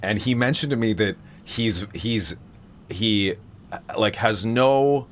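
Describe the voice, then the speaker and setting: A man's voice: fairly low pitch, slow, fairly bright tone. A man hosting a live-stream vocal seminar, talking casually and rambling with many fillers and restarts.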